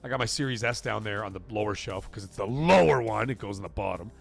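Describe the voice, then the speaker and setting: A man hosting a live stream, talking in a casual, emphatic and repetitive way, his voice getting hoarse. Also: on the low side, fast talker, faint music behind. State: voice going hoarse. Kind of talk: casual live-stream chat reading donations.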